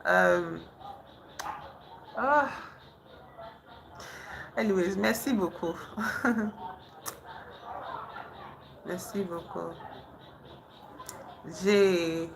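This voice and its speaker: A woman casually chatting on a livestream with viewers, haltingly trying out French phrases. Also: mid-range voice, sing-song, creaky, crowd noise, low-quality recording. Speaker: livestream host. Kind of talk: casual live chat with viewers. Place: indoors in the dark at night.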